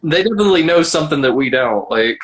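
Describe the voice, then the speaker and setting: Wisecracking woman, lively pitch. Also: quick pace, background noise. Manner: crude, wisecracking. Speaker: co-host. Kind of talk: casual livestream chat.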